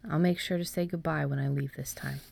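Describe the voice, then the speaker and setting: A woman voicing the gentle ghost of a dead aunt, speaking softly and tenderly. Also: low voice, fairly even intonation, brisk, creaky, full character voice.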